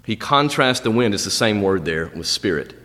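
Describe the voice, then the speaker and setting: A man's voice: lowish voice, lively intonation, normal speed, pushed and bright, big-room sound. A male pastor preaching a sermon, quoting scripture with dramatic swings in delivery. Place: church sanctuary.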